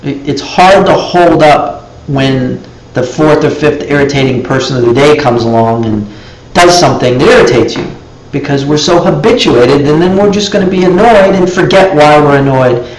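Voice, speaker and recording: A man's voice: medium pitch, reverberant, low-quality recording. A man teaching a live class, telling stories and acting out little dialogues in raised voices.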